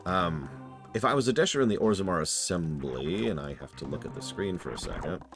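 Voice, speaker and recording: A man's voice: sits low, expressive, a little fast, music in the background. A man streaming live, casually answering chat questions in a rambling, self-deprecating way.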